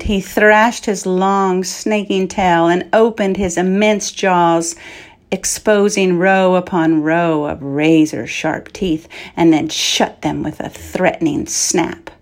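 A woman narrating a fantasy storybook in a measured, even manner. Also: on the low side. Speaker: audiobook narrator.

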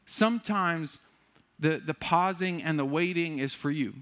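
Male pastor, sermon delivery, higher-than-average voice, swings from animated to quiet and earnest. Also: a little slow. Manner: candid, self-deprecating preaching.

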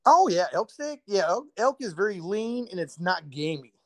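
A man's voice: high voice, sing-song, moderate pace, no room sound. A man in casual podcast chat, laid-back and profane, telling hunting and cooking stories. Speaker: podcast co-host.

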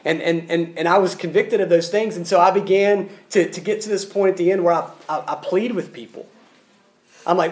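High-voiced earnest male preacher. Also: fairly even intonation, brisk, darkish tone. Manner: earnest, pleading, repeats words when starting a thought. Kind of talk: sermon.

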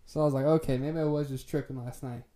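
A man's voice: medium pitch, steady tone, quick pace, dark tone. A young man casually telling a long story to friends, laid-back and swearing freely with plenty of "like" fillers. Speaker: podcast co-host telling a story.

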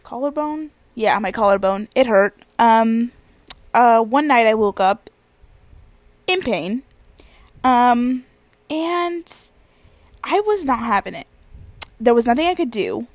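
A young woman talks to her viewers from her bed in a rambling, giggly, self-deprecating way. Her voice sits a little high, and the sound is dry and close with no room in it. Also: animated, slow, pauses often, dry recording. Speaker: vlogger. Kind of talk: casual chat. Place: bedroom, lying on bed.

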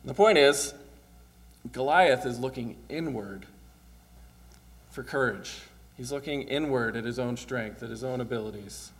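A male pastor preaches in an ordinary mid-range voice, treating his sermon like a casual chat with the congregation. He often checks in with a quick "right?" and lets little chuckles slip out.

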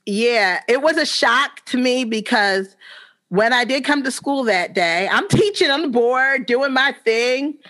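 Woman in her forties, teacher, bright clear voice, higher pitch, animated storytelling, casual chat. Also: measured pace. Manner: animated, lively storyteller with frequent restarts. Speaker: teacher, podcast guest.

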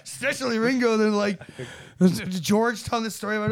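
A man's voice: high voice, expressive, a little fast. A man on a casual podcast, rambling and swearing as he acts out quotes in voices. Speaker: podcast co-host.

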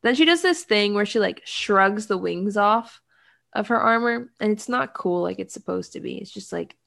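A woman's voice: medium pitch, lively intonation, normal speed, vocal fry, fairly bright tone. A woman co-hosting a casual podcast, recapping a film in a rambling, wry way, full of "like" fillers. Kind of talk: casual chat.

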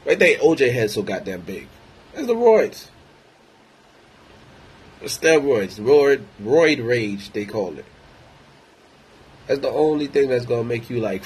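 A man's voice: medium pitch, slightly rough, poor audio. A man ranting in a casual monologue, rambling, blunt and heavy on profanity. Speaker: vlogger.

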